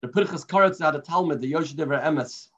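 Earnest rabbi teaching, muffled lo-fi sound. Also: male voice, fairly high pitch, a bit bright. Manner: earnest, unhurried storytelling teacher. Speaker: rabbi teaching a daily class. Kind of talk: daily religious lesson with stories. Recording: muffled lo-fi recording.

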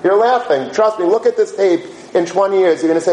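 A man's voice: high-pitched, a little fast. Guy teaching a yeshiva crowd, sermon storytelling, lots of rhetorical questions, echoey room. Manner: animated, rhetorical questions, Yiddish and Hebrew terms. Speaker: yeshiva teacher giving a talk. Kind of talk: sermon-style storytelling talk. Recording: roomy echo, faint background hum.

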